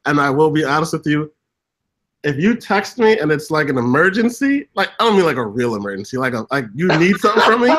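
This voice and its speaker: Man, co-host in casual talk; jokey, relaxed, heavy on "like". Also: on the high side, fast talker. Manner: joking, laid-back, says "like" often. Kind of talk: casual chat.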